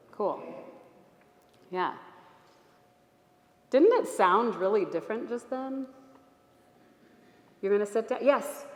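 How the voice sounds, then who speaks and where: A woman leading a workshop group through a gentle exercise, with an encouraging, inviting way of talking. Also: medium pitch. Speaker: Alexander Technique teacher leading a workshop. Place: church. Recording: echoey church hall.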